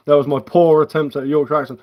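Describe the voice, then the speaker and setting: A man's voice: fairly high pitch, highs cut off. A man from England hosting a casual livestream as a woodcarver, rambling bluntly and swearing casually while answering viewers. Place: indoors at home.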